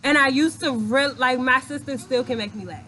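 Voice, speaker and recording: A woman co-hosting a podcast, talking bluntly in animated casual chat and swearing freely. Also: high voice, moderate pace, slight background noise. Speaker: podcast co-host.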